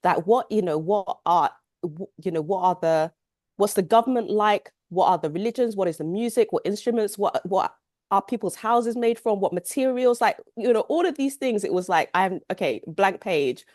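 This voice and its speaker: A woman's voice: mid-range voice, expressive, moderate pace, a little mellow, no echo, clean studio sound. A woman author talking casually about writing her book, with lots of restarts and "you know". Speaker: author guest. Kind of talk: casual book club conversation.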